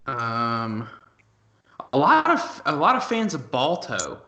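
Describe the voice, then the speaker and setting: Bright-voiced male co-host in an echoey room. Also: medium pitch, huge pitch swings, slow pace. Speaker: podcast co-host. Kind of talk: casual chat.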